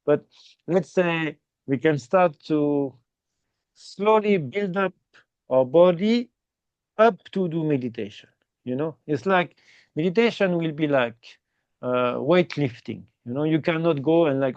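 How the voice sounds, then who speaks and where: Male meditation teacher, slightly high and gravelly, dry muffled sound, patient non-native English. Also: darkish tone, no room sound. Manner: explains slowly and repeatedly, ending phrases with "okay?"; non-native English with simple grammar slips. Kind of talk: guided meditation instruction.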